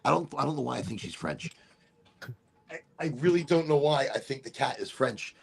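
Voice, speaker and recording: A man's voice: mid-range voice, animated, a little fast, gravelly. A middle-aged man hosting a casual chat show, rambling freely with laughs and swearing. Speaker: podcast host.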